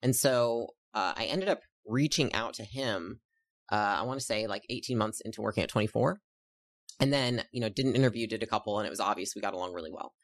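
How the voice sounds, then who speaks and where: A young woman, an entrepreneur guest, chatting casually and telling her story in quick, rambling sentences full of fillers. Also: extremely low pitch. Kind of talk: casual interview chat.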